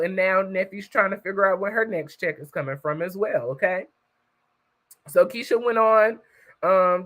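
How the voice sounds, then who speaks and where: A man's voice: high voice, pushed and bright, poor audio. A man casually recapping a story for his viewers, chatty and talking straight to the audience. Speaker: YouTube reviewer.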